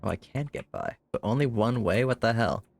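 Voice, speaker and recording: A man with a fairly low voice gives casual live commentary as he plays a game. He talks back to the characters with wry, offhand jokes and swears freely. Faint music plays behind him. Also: big pitch swings, brisk, vocal fry. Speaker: game streamer.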